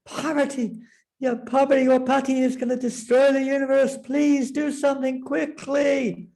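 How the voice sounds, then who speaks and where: A man's voice: flat delivery, moderate pace, creaky, a little mellow. Man doing frantic panicked demigods. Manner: frantic high-pitched begging. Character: panicked crowd of male demigods.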